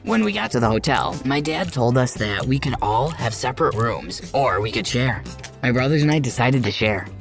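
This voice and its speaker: Steady storytime narrator over music. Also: medium pitch, normal speed. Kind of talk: first-person storytime narration. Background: background music.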